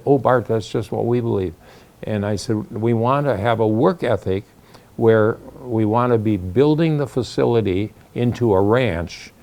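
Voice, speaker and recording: Telling the tale of the founding, an older man keeps things folksy and relaxed, acting out the voices of whoever he's quoting. He has a warm voice on the low side.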